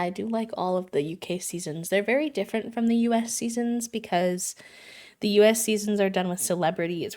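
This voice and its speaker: A young adult woman streamer in casual chat, retelling a story in an animated way, with lots of fillers. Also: on the low side.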